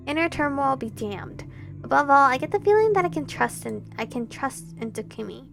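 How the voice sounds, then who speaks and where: A woman reading a visual novel game aloud with expressive, emotional delivery, breaking into giggles and excited reactions. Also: high voice. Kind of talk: dramatic game read-through with asides.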